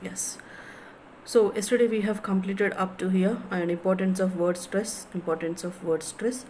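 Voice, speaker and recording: This Indian woman lectures on pronunciation as an English teacher, restating her points and asking the class questions she doesn't expect answered. She talks at a normal speed in a steady, mid-range, slightly dark voice, and the low-quality audio has some background noise.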